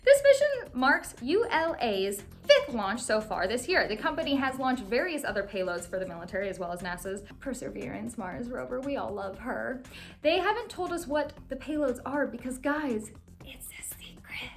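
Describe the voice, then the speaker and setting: Bubbly high-voiced woman hosting news recap. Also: big pitch swings, normal speed. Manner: playful, jokey asides. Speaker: host. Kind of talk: casual scripted news recap.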